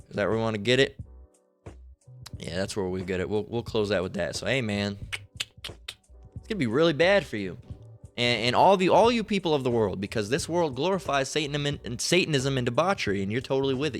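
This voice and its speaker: A man teaching a scripture lesson in an ordinary mid-range voice, reading verses slowly and deliberately before breaking into blunt, slangy asides. Faint music plays behind him. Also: mid-range voice, expressive. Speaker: bible teacher. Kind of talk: scripture lesson with casual commentary.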